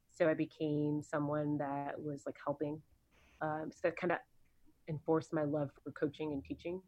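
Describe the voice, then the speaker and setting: Appearing as a guest on a podcast, a deep-voiced woman rambles chattily through stories about her career, peppered with ums and likes. It's casual interview storytelling in a dry recording.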